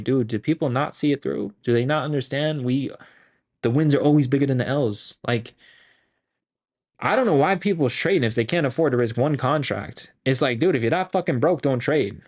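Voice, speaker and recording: A man hosting a stock trading group, talking in a profane, boastful, rambling and excitable way. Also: medium pitch, normal speed. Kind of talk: hyped casual trading recap.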